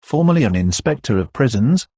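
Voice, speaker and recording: A man voicing a courteous, learned Italian priest in an audiobook, speaking in an affable, measured way. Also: mid-range voice, sing-song, dark tone, slightly rough, no room sound.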